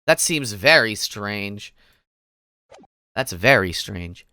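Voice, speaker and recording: A man's voice: lowish voice, expressive, takes it slowly, sharp tone, no echo, studio quality. A man streaming a courtroom video game, in playful, goofy casual commentary as he reacts to his chat.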